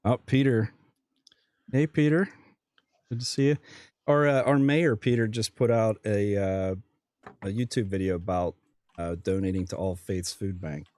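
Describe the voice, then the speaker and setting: Western PA man hosting a relaxed chat stream, dark, slightly low voice, chatty, quick to laugh. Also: no room sound. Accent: Western Pennsylvania. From Western Pennsylvania. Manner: chatty, laughs easily, greets chat by name. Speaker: livestream host. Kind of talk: casual chat with viewers.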